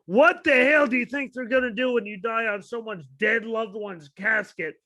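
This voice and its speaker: A young man co-hosting a casual wrestling podcast, ranting with lots of swearing and sudden shouted bits of quoted dialogue. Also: very high-pitched, normal speed. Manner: ranting, profane, animated, shouts out quoted lines. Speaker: podcast co-host.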